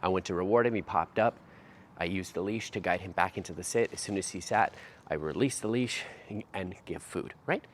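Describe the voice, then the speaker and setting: Low-voiced man teaching dog training outdoors. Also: fairly quick, a little hiss or hum. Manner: explains step by step, breaks into high sing-song praise for the dog. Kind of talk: instructional talk while training a dog.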